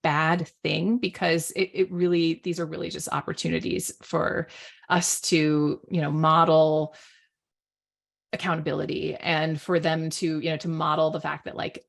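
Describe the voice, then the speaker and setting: A woman with a lowish, gravelly voice explains parenting ideas in a loose, conversational way. She is middle-aged and fills her sentences with casual fillers. Her tone has a husky edge throughout. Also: flat delivery, measured pace. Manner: conversational, many fillers like "like" and "you know". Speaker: author and guest expert on parenting. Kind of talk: casual online panel talk.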